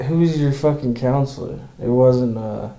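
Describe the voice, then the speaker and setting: A man's voice: mid-range voice, normal speed, gravelly, warm tone. A young man co-hosting a podcast, teasing and laughing in casual chat. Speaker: podcast co-host. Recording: echoey room.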